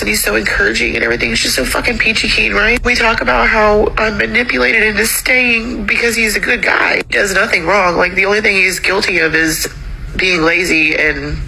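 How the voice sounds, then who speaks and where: A woman's voice: a little high, steady tone, brisk, creaky, pushed and bright, a little hiss or hum, rough recording. A woman venting in a confessional video about feeling torn, swearing as she talks.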